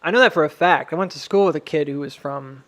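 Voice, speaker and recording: A man's voice: on the high side, quick pace, a bit bright. An American man hosting a live stream from home, chatting casually, rambling and laughing often at his own jokes.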